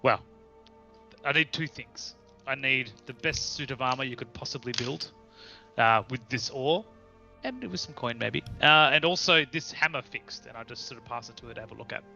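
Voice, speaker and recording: A man's voice: mid-range voice, normal speed, vocal fry, pushed and bright, highs cut off, soft background music. A man chatting casually as a player in a tabletop game, easygoing.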